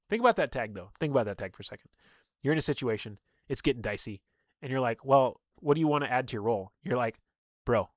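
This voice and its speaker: Young male streamer, casual read-aloud with banter, mid-pitched, dead dry close mic. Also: dry recording. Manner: reads aloud with chatty asides and laughs. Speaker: streamer reading a game book. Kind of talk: casual livestream read-through.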